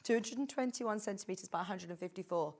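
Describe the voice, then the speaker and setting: A woman's voice: medium pitch, quick pace, a little mellow. Gushing chatty woman presenter. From England. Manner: gushing, chatty, reads out viewer messages. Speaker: shopping channel presenter. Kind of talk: live sales chat. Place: TV studio.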